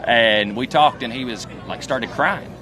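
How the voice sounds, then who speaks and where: An excited young man in his twenties, rambling through a story with plenty of "like." His voice sits mid-range, and a loud crowd hums behind him outdoors. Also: mid-range voice, unhurried, low-quality recording. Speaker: fan guest. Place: outdoors outside an arena.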